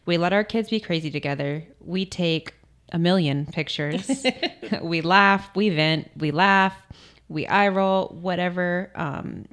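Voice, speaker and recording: A young woman co-hosting a podcast, chatting casually and reading listener comments in a relaxed way. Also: lowish voice, slow pace. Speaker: podcast co-host.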